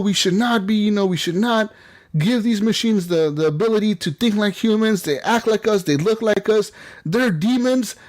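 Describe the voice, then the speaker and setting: A man voicing a male street preacher who rails fiercely against machines, in a preachy, shouting way. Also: sits high, pitched above the performer's own voice, close to an everyday voice. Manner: fiery, preachy, shouting condemnations.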